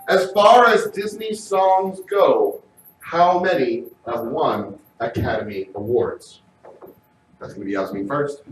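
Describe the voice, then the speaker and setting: A man with a high voice runs a live game show with loud, energetic calls, often shouting. He sounds distant from the microphone, and the large room around him echoes. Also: takes it slowly, noisy background.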